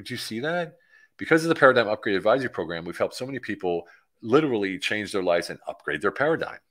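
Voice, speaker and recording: A middle-aged man, a coach hosting a livestream, chatting casually and excitedly with viewers and rambling from topic to topic. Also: low-pitched. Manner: excitable, rambling, hypes his program, jumps between topics. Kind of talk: casual livestream chat, reading out viewer comments.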